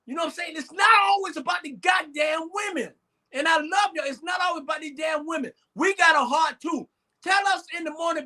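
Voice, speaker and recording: A man hosting a late-night talk show, lecturing his audience with emphatic, often shouted lines. His voice sits unusually high and has a bright, forceful edge. He swears freely to drive his points home. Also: fairly quick. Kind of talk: casual talk show chat.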